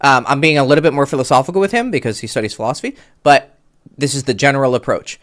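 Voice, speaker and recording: A man's voice: medium pitch, fast, a bit bright. A man working as a dating coach, talking a client through his mistakes on a call in a blunt, casual way that includes swearing.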